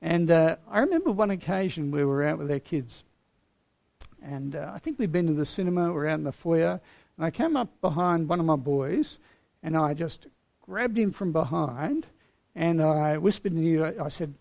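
Very animated, a middle-aged pastor delivers his sermon from the pulpit in a gravelly voice that sits slightly high for a man. He tells stories earnestly and lets key words rest with gentle pauses.

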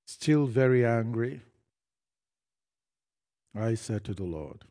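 A man preaching a personal testimony to a church audience, telling it as a story and building to loud, emphatic peaks. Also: medium pitch, expressive, slow. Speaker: preacher sharing his testimony. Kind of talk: sermon testimony.

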